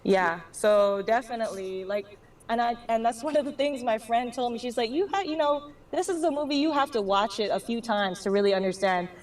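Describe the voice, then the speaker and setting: A woman in a casual chat, telling an animated story full of slang and frequent laughs. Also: fairly high pitch, fairly quick, recorded from a distance. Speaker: guest on a live drawing stream.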